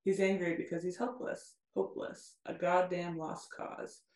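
A woman co-hosting a podcast, reading intense passages of a novel aloud at a steady pace and breaking off for quick asides. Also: on the low side, roomy sound. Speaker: podcast co-host.

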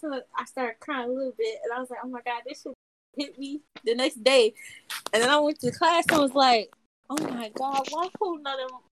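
High-voiced young woman, lively storytelling. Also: slight background noise. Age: young adult. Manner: animated, slangy, acts out her own past lines. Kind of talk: casual storytelling chat.

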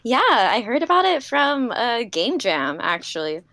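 A woman's voice: a little high, big pitch swings, measured pace, pushed and bright, dry recording. Upbeat giggly woman guest. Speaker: guest game developer. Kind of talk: casual interview chat.

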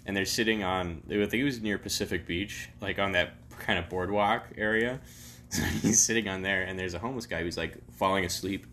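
A man's voice: low voice, fairly quick, bright, forceful tone, a little hiss or hum. A young man co-hosting a casual podcast, telling rambling stories, swearing freely and laughing often. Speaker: podcast co-host. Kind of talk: casual chat.

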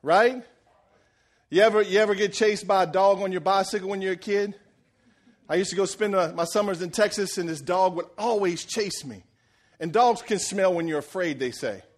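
A man preaching a sermon, telling a story with animated energy, acting out the characters' lines and laughing often. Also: high voice, normal speed, long pauses. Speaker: pastor.

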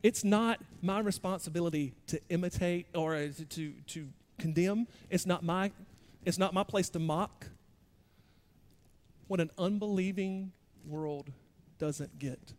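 A man pastor delivering a sermon in a relaxed, conversational way, often poking fun at himself. His voice sits high for a man, and his loudness keeps shifting between soft asides and louder bursts. A long reverb trails his words around a large hall. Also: unhurried. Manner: conversational, self-deprecating preaching with shifting loudness.

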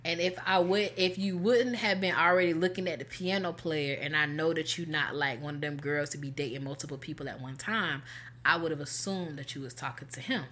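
Woman, casual chat host, storytelling, slangy, bright forceful tone, lowish voice. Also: a little fast. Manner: animated, slangy, acts out quotes. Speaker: podcast co-host.

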